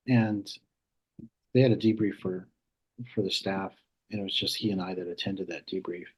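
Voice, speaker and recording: A man's voice: low-pitched, husky. A man in his fifties, an emergency nurse and podcast guest, telling stories in a casual interview and acting out the dialogue. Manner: animated storyteller acting out dialogue. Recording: slightly muffled lo-fi recording.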